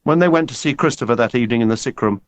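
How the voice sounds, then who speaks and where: A man narrating a novel as an audiobook in an expressive, measured storytelling manner. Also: mid-range voice, no room sound. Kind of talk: scripted narration.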